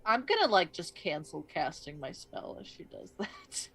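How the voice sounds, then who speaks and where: A woman's voice: on the low side, big pitch swings, moderate pace, bright, forceful tone, husky, low-quality recording. Dry, questioning woman player. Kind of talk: casual tabletop play.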